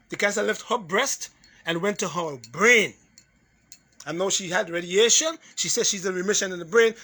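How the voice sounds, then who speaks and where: Male holistic health lecturer, high bright voice, hammers points home in repeated lists, laughs between points. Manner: emphatic, repetitive, drills points in lists. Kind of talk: health lecture to a live audience.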